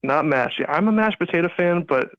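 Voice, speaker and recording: A man's voice: fairly high pitch, expressive, brisk, highs cut off. A man calling in to a show, chatting in a friendly, hesitant way with many fillers. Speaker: caller. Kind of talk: casual phone chat.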